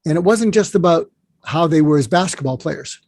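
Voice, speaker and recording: A man's voice: fairly high pitch, normal speed, darkish tone, dry recording. A man who is a psychiatrist, talking as an interview guest and telling rambling stories with many restarts. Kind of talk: conversational interview storytelling.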